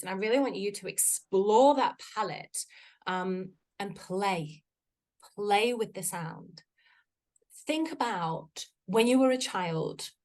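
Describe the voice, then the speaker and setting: Over a video call, a woman who works as a voice coach gives an online workshop talk. She's chatty and playful, shifting her pitch for effect.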